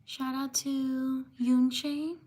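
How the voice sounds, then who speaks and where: Female livestream host, high and flat delivery, unhurried shout-out reading. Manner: slow, steady listing of names with quick apologies. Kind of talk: live stream shout-outs.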